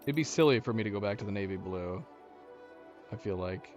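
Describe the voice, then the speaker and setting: A man's voice: on the low side, expressive, fairly quick, music in the background. A man hosting a let's-play, casually thinking aloud and joking at the game characters. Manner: thinking aloud, chatty and wry. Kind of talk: casual gameplay commentary.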